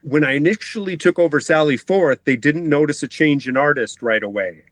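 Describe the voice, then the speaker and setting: A man's voice: a little high, fairly quick, no room sound. A middle-aged man talking as a cartoonist guest in a casual interview, rambling, often breaking off mid-sentence and laughing. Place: home basement.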